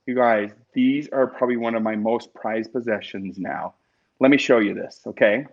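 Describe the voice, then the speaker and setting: A man's voice: mid-range voice, normal speed, gravelly. A man hosting a live stream in casual chat, talking to his viewers in an emotional, chatty way. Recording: dull lo-fi stream audio.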